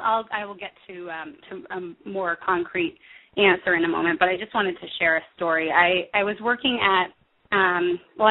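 Woman speaking over a tinny phone line. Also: medium pitch. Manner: thoughtful, earnest, with frequent ums and restarts. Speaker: music therapist guest. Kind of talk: conversational interview over the phone.

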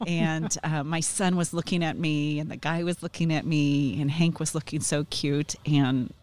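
A woman's voice: sits low, fairly even intonation, a little slow, a little mellow. A middle-aged woman who is a guest in an interview, telling a story casually, with a sarcastic streak and plenty of ums. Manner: sarcastic, chatty with frequent ums.

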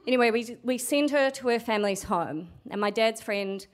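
A woman's voice: on the high side, moderate pace. A young adult woman telling a true story at a storytelling event, frank and sweary, acting out what people said. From New Zealand. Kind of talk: live storytelling.

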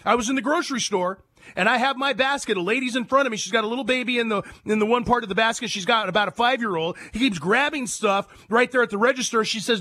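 A male talk radio host delivers an emphatic monologue full of rhetorical questions. His voice sits high and bright, and it swings widely in pitch as he tells stories. His delivery is lively and sharp.

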